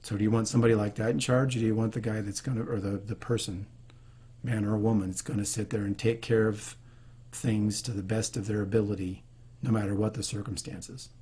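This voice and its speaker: A man's voice: fairly low pitch, level tone, brisk, warm tone, slightly rough. A man hosting a leadership video, talking earnestly and unscripted, with frequent restarts. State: choked up. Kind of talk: unscripted talk to camera.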